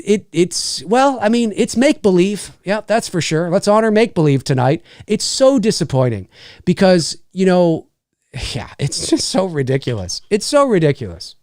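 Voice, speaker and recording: Podcast co-host, male, exasperated ranter, very lively delivery, dry recording. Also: high voice, moderate pace, no echo. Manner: animated, swearing, exasperated rants. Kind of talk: casual chat.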